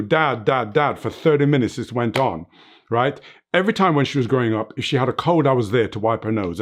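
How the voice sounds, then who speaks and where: Older male guest, emphatic motivational speaker, earnest, "right?" tags, at home. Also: mid-range voice. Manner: emphatic, earnest, preaching life lessons; tags points with "right?" and "you know what". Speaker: interview guest, fitness motivator. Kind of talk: reflective motivational interview talk. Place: his home, under film lights.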